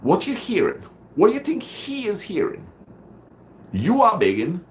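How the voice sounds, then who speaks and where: A man's voice: sits high, wildly swooping pitch, unhurried, slight background noise. A man with a Trinidadian accent hosting a motivational livestream, greeting viewers and repeating phrases dramatically for emphasis. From Trinidad and Tobago. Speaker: livestream host.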